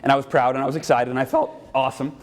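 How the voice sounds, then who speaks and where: A man from California giving a keynote talk to a live audience, telling stories in an animated way and acting out every voice. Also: medium pitch, very fast. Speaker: motivational speaker.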